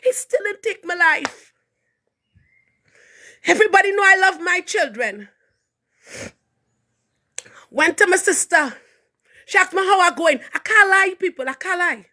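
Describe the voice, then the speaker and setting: A woman with a Trinidadian accent who is a minister, giving an impassioned live testimony with fervent, preaching delivery that rises to shouts. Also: very high-pitched, expressive, unhurried. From Trinidad and Tobago. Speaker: minister and hairdresser.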